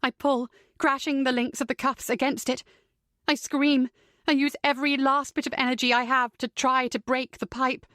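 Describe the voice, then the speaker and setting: A woman's voice: high-pitched, little pitch movement, normal speed, sharp tone, dry recording, studio quality. A woman narrating a first-person psychological thriller audiobook in a tense, dramatic way.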